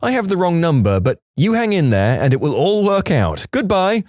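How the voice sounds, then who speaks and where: A man putting on a gentle, kindly older woman. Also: lowish voice, big pitch swings, normal speed, no echo, studio quality, pitched above the performer's own voice. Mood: consoling. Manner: gentle and consoling. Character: kindly older woman on a wrong-number call.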